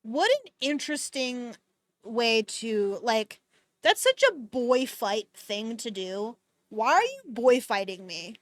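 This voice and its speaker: A woman with a fairly high voice reads a novel aloud on her stream, then stops to make sarcastic comments between passages and swears freely. The sound is dry and close, with no room echo. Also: very animated, slow pace. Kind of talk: casual book reading with commentary. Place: home streaming setup.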